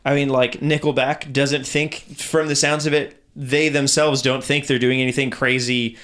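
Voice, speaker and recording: A man's voice: medium pitch, level tone, normal speed, a bit bright. A man hosting a casual podcast chat, rambling and hedging with many fillers as he sets out the topic. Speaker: podcast host.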